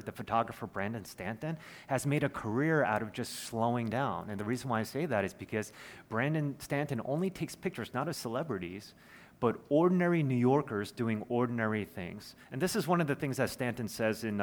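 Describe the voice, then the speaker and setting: A man, preaching a sermon in an earnest, conversational way with personal stories. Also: mid-range voice. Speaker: pastor.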